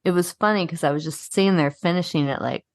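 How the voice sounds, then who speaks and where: A woman's voice: on the low side, fast, dry recording, clean studio sound. A woman co-hosting a podcast in casual chat, telling a story animatedly with lots of swearing and "like". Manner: profane, animated storytelling, frequent "like". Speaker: podcast co-host.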